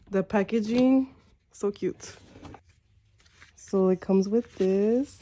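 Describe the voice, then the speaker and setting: A young woman films herself opening a package, words tumbling out in breathless delight. Her voice is very warm and mellow, with no edge to it. She keeps circling back to exclamations and filler words as she goes. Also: medium pitch, steady tone, takes it slowly, pauses often, a little hiss or hum. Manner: gushing, breathless, lots of "like" and "oh my gosh". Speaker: vlogger. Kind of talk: excited unboxing vlog.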